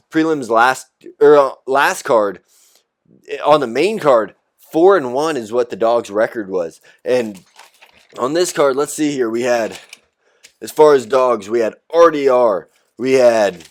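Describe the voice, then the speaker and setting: A man hosting a solo recap show, talking through fight results in a casual, blunt, chatty way with loose fillers. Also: medium pitch. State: out of breath. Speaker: podcast host recapping fights.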